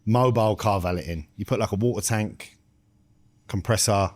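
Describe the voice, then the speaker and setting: British male co-host, low voice, dry close sound, chatty rambler. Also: normal speed, no room sound. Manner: rambling, chatty anecdote telling. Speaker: podcast co-host. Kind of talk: casual chat.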